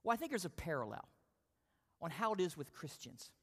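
Male pastor, high voice, animated story-driven sermon in a reverberant sanctuary. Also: a little fast. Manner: storytelling, animated, self-deprecating. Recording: long hall reverb.

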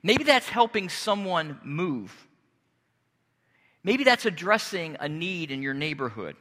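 Pastor guy preaching slow and earnest, highish bright voice. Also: sing-song, big-room sound. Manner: earnest, deliberate preaching with pauses and restarts. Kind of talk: sermon.

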